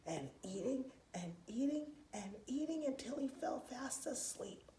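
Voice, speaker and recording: A woman telling a story to preschoolers in an expressive, playful, sing-song way. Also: high-pitched, unhurried, a little hiss or hum. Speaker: children's storyteller. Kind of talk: animated preschool story time. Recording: roomy echoey room, faint ambience.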